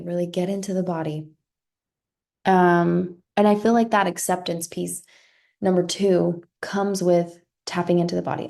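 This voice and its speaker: A woman's voice: medium pitch, gravelly, dark tone. A woman in her thirties, a life coach and podcast host, giving an earnest motivational talk, often repeating words and tagging thoughts with a rhetorical "right?".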